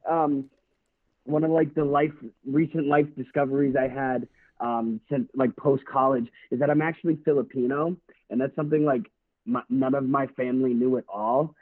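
A man's voice: mid-range voice, steady tone, normal speed. A young man in his twenties, a podcast host, telling a story in a laid-back casual chat full of fillers. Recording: tinny phone-like sound.

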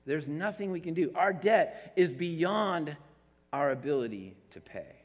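A man preaching a sermon as a pastor, emphatic, repeating words and swinging between raised and hushed delivery. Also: a little high, expressive, unhurried, in a large hall.

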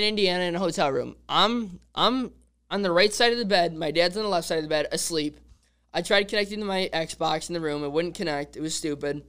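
A man hosting a podcast, talking in a casual, excitable and rambling way, constantly saying "dude". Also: high voice, clean tone. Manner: rambling fan talk with restarts. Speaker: podcast host.

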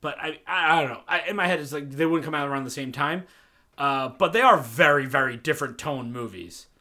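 A man's voice: fairly high pitch, a little fast, sharp tone. A young man co-hosting a casual movie podcast, reading out a box-office list with dry teasing remarks. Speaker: podcast co-host.

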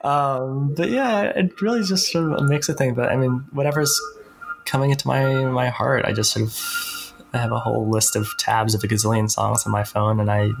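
A minister talking casually from home, halting and restarting often and laughing easily. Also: male voice, medium pitch, steady tone, creaky, slight background noise. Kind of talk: casual podcast conversation.

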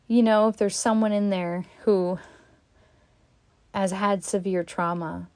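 A woman's voice: medium pitch, darkish tone, dry recording. A woman vlogging a candid, frustrated rant. She swears bluntly, sighs, and stops and restarts her sentences. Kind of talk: candid venting monologue.

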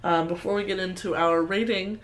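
A woman's voice: lowish voice, steady tone, fairly quick. A woman co-hosting a casual movie podcast, laughing often and acting out quotes in silly voices. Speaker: podcast co-host.

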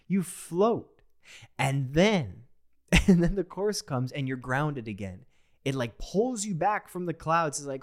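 A young man enthusiastically talking through a song as a reaction host, in a rambling, excited way. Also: a little high, measured pace. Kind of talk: casual reaction commentary.

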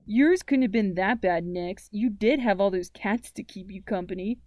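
A woman's voice: medium pitch, normal speed, a little mellow, dry recording, studio quality, close to an everyday voice. Woman reading as an easygoing teenage boy. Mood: casual. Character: teenage boy, easygoing and teasing best friend.

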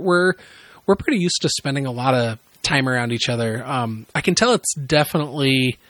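A man's voice: medium pitch, no room sound. A man chatting casually as a podcast guest, laid-back, cursing freely and laughing between stories. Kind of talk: casual chat.

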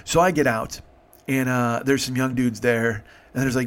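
A man in his fifties telling a story casually, swearing freely and stopping to restart his sentences. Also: medium pitch. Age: 50s. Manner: profane, halting, animated. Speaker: podcast host.

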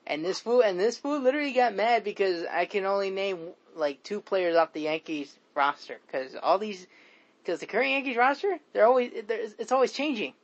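A man's voice: high-pitched, brisk. A man co-hosting a podcast, telling a story with laughs and lots of swearing, on a dull lo-fi recording. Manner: laughing, profane, acts out quotes. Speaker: podcast co-host. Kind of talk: casual profane storytelling. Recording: dull lo-fi sound.

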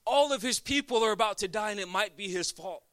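A man's voice: high-pitched, fast talker, a bit bright, no room sound, studio quality. A man preaching a sermon, retelling a story with animation and repeating words as he builds each point.

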